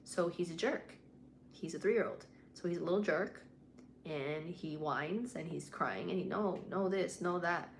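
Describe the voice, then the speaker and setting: Lowish-voiced woman chatting on a livestream. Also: measured pace, creaky, slight background noise. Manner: mixes english and spanish, swears freely, candid. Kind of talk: casual livestream chat. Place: home at night.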